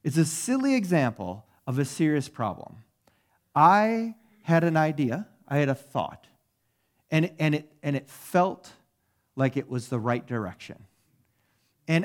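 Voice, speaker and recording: A middle-aged pastor telling a self-deprecating personal story in a sermon to his congregation, conversational and often asking them "right?". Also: medium pitch.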